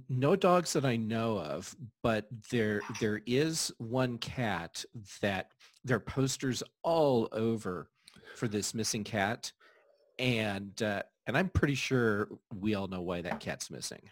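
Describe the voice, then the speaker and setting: Guy guest on a video call, kinda low voice, stumbles and repeats words, dry sound. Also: expressive, takes it slowly, dry recording. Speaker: panel guest. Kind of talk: casual chat over video call.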